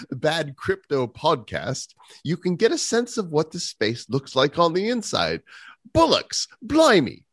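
A man's voice: on the high side, slightly rough, dry recording, voice pushed up, full character voice. A man putting on an exaggerated British accent, reading a snooty male writer's words in a posh, mocking drawl. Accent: put-on British.

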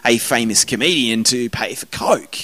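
A man's voice: mid-range voice, lively intonation, moderate pace, sharp tone. Rambling, swearing man. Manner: rambling, swearing, self-mocking storyteller. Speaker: podcast host. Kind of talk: casual podcast chat.

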